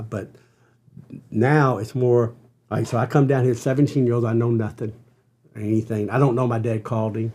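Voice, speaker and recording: An older man, a podcast guest, telling an earnest personal story with halting restarts. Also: fairly low pitch, mellow. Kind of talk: storytelling interview.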